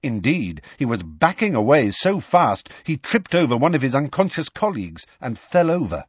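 A man narrating an audiobook in a measured, expressive reading voice. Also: mid-range voice, breathy edge, dry recording. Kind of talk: scripted narration. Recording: dull, slightly lo-fi studio recording.

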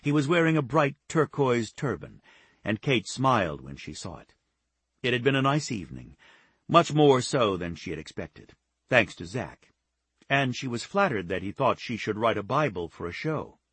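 A man reading a novel aloud as an audiobook narrator, calm and even. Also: mid-range voice, moderate pace, breathy edge, no room sound. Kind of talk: scripted narration.

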